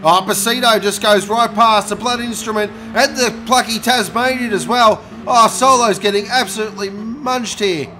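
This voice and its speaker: A man commentating a sim race, joking and bursting out loud at each incident. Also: sits high, normal speed, few pauses. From Australia. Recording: noisy with engine sound behind.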